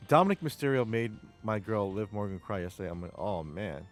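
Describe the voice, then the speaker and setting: A man's voice: lowish voice, expressive, fast, soft background music. A man hosting a casual live stream, rambling and enthusiastic, often repeating words. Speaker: stream host.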